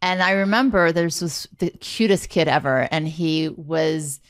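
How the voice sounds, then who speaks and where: A woman hosting an interview, telling a story from her past and asking relaxed follow-up questions. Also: sits low, measured pace. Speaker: podcast host. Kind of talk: conversational interview.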